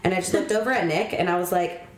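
A woman's voice: fairly low pitch, fairly even intonation, fast talker. A young pregnant woman telling stories in a casual chat with a friend, chatty and giggly, acting out quoted lines. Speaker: co-host. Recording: echoey room.

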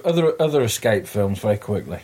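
A man's voice: fairly low pitch, big pitch swings, fairly quick, warm tone. A man in casual film chat, joking and swearing, laughing often.

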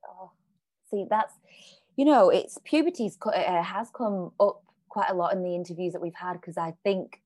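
A woman's voice: on the low side, normal speed, a little mellow, dry recording. A woman hosting an interview podcast, chatty and rambling, full of "like" and restarts. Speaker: podcast host. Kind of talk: casual interview chat.

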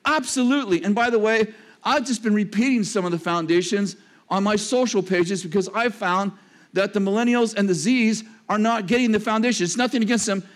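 High-pitched guy preaching, chatty and joking, dips low to hit a point. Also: a little fast. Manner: conversational preaching with joking asides and sudden drops to a low register. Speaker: pastor. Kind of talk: sermon.

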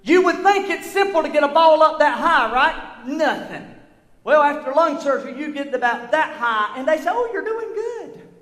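High-voiced fervent preacher in a hall. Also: male voice, normal speed. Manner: fervent, rising to shouts. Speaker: pastor. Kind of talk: sermon. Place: church sanctuary. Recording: echoey church hall.

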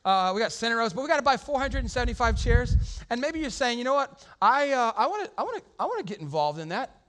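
Male pastor, high-pitched, animated conversational sermon style in a church sanctuary. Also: fast talker. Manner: animated, conversational preaching with acted-out quotes.

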